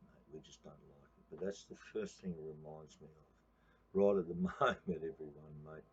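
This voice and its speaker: A man's voice: rumbling low, dark tone, lo-fi sound, slight background noise. A middle-aged man with an Australian accent, talking in a rambling late-night livestream monologue to his channel, with plenty of fillers and swearing. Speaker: activist channel host.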